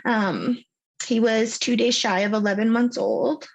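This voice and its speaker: A woman's voice: fairly high pitch, steady tone, measured pace, creaky, rough recording. A woman in her thirties from Cyprus, with a mixed Cypriot English and Canadian accent, chatting casually as a podcast guest, often saying um and like. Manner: chatty, laughs often, many fillers like um and like. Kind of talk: casual interview chat.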